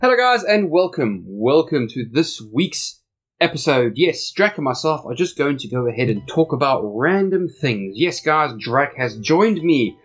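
A man's voice: fairly high pitch, big pitch swings, measured pace. A man from the United Kingdom co-hosting a podcast, chatting casually in a rambling, joking way and swearing freely. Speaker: podcast co-host.

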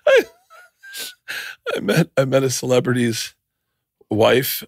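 A man's voice: medium pitch, takes it slowly, gravelly, husky, no echo, clean studio sound. A middle-aged man hosting a podcast, telling stories in a casual chat and laughing often. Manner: animated storyteller, laughs a lot. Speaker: podcast host.

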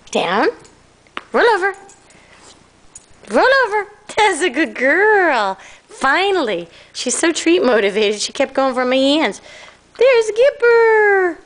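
High, lively woman coaxing her dogs. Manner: coaxing, sing-song pet talk. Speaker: dog owner. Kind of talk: casual home video, talking to her pets. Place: at home.

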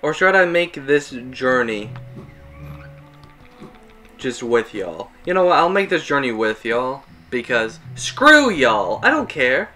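Slow-talking man rambling over gameplay. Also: mid-range voice, very animated, pushed and bright, soft background music. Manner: rambling, self-mocking, chuckling. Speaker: gameplay commentator. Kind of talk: casual let's-play commentary.

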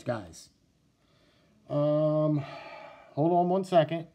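A man with a New Jersey accent, talking casually to camera about his knife collection, halting with many fillers and restarts. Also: medium pitch, warm tone.

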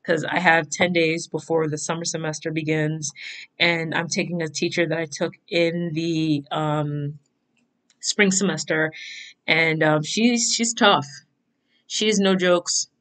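A woman's voice: low voice, flat delivery, a little slow, a bit bright. A young woman, chatting casually while planning her bullet journal, rambling through tangents and giggling. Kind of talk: casual plan-with-me chat. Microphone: desk microphone at a computer.

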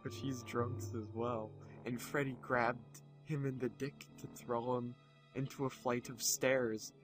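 A young man reads a ridiculous story in a flat, deadpan way, tossing in crude asides. His voice sits at an ordinary pitch. Faint music plays underneath. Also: measured pace. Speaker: co-host reading a fan story. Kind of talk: casual comedic dramatic reading.

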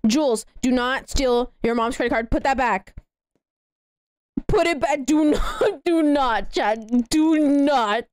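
A young woman in her late teens with a girlish, childlike voice, chatting excitedly and giggling as she streams a game and thanks donors. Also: sits high, slow pace, clean tone, dry recording, clean studio sound. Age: young adult. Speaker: live streamer. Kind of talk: casual livestream gaming chatter.

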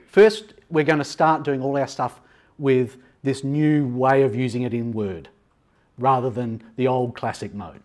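A man presenting software to teachers in a conference session room, his pitch sitting in an ordinary middle range. He talks in a loose, conversational way, filling pauses with ums and uhs and dropping in frank personal asides. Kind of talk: live conference demo talk.

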